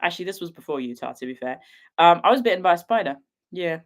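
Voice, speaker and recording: A young woman from the UK, a wildlife filmmaker, chatting casually on a livestream from home in a giggly, rambling, excitable way. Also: fairly low pitch, quick pace.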